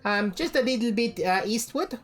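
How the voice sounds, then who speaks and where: A woman's voice: lively intonation, faint music behind, close to an everyday voice. A woman putting on a chirpy singsong toymaker man. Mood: cheery salesman. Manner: high-pitched, cheery, singsong with halting phrasing. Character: eager odd male toymaker shopkeeper.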